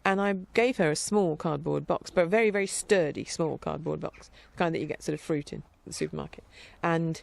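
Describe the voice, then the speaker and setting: Chatty woman with a gravelly edge. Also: deep voice, fairly quick, hardly any pauses. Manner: chatty, meandering, with frequent restarts and laughs. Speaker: podcast host. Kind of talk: casual rambling monologue.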